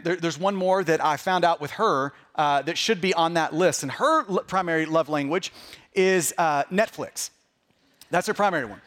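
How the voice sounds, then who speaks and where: A middle-aged man delivering a sermon in a notably high voice. He repeats words as he begins his sentences and keeps his delivery animated. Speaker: pastor.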